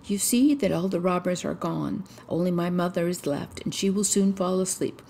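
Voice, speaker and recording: Headstrong robber girl, bossy and blunt, low gravelly tone, woman reader playing her. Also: normal speed, mellow, a little hiss or hum.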